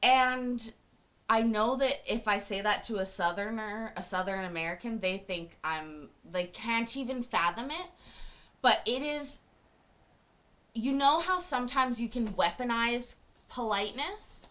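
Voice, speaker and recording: A woman's voice: a little high, measured pace, fairly bright tone. A woman from Canada chatting casually and joking with her live-stream viewers. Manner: chatty, joking, laughs often.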